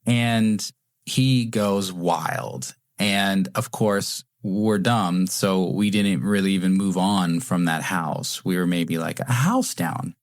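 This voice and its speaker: A man's voice: sits low, slow, dry recording, studio quality. A man co-hosting a podcast, rambling through a casual story with lots of fillers and restarts. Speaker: podcast co-host.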